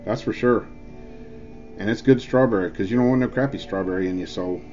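A man's voice: fairly low pitch, fairly quick, darkish tone. Dude rambling and joking on his vlog, lots of uhs, kinda dull lo-fi audio with faint music. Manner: rambling, jokey, filler-heavy. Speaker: e-juice reviewer. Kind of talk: casual vlog review.

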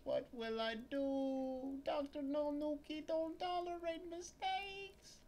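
A man voicing a nervous female spy working as a music shop clerk, high and trembling, slipping in foreign curse words. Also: expressive, a little fast, slight background noise. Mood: panicked.

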